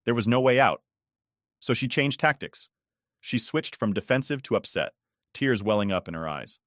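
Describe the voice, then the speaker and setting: A man narrating a first-person story in a measured, restrained and cold manner. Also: medium pitch, expressive, fairly bright tone, dry recording, clean studio sound.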